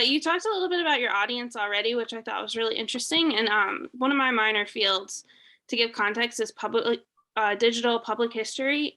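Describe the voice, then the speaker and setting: A woman's voice: fairly high pitch, sharp tone. A woman, a student, asking a chatty, rambling question full of fillers. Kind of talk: online Q&A question.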